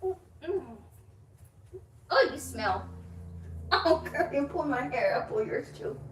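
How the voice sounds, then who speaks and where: A woman's voice: high-pitched, very animated, slow pace, fairly bright tone, distant mic, slight background noise. A woman chatting casually on a livestream while playing with her kids, teasing and laughing. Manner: playful, teasing, breaks into laughter. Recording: echoey room from off-mic.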